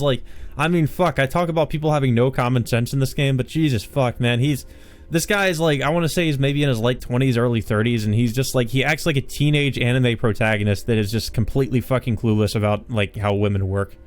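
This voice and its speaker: A man's voice: medium pitch, fast. A man casually commenting on a visual novel he plays, crude and exasperated, swearing often. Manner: crude, profane, exasperated ranting. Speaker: let's play host.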